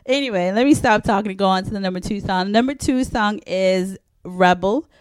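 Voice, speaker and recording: A woman's voice: mid-range voice, brisk, clean tone, dry recording. Chatty woman radio countdown host. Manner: chatty, rambling, corrects herself on air. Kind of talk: casual radio DJ chat.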